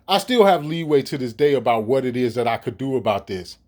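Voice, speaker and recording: A man's voice: mid-range voice, lively intonation, fairly quick, a little mellow. A middle-aged man, ranting profanely and animatedly straight to his viewers in a casual vlog. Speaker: vlogger. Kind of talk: casual ranting monologue to camera.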